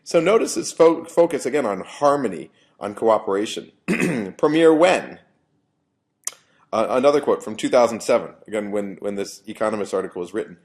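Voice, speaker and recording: A man's voice: fairly low pitch, animated, normal speed. A man, a professor, giving a university lecture in an explanatory way, often restarting phrases.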